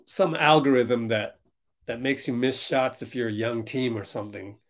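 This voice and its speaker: A man hosting a fan livestream, reacting loudly to a basketball game as it plays and answering viewers in chat. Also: mid-range voice, normal speed. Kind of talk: live basketball watch-along commentary.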